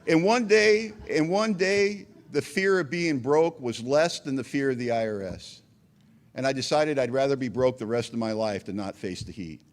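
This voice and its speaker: A man's voice: mid-range voice, moderate pace, darkish tone. A middle-aged American man telling his recovery story at a meeting, earnest and self-deprecating, with acted quotes. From United States.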